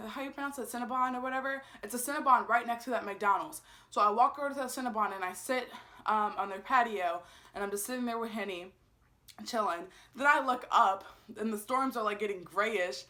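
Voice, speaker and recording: A woman's voice: a little high, a little fast. A young woman telling a casual storytime vlog, acting out the voices of the people in her story and swearing freely. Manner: animated, acts out quotes, swears freely. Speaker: vlogger.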